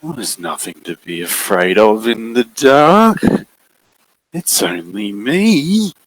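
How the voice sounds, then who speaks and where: A man voicing a menacing shadow being that coaxes a child in slow, soft tones. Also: lowish voice, big pitch swings, slightly rough, dry recording, exaggerated voice, poor audio. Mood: coaxing menace. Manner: slow, soft, wheedling, growing urgent.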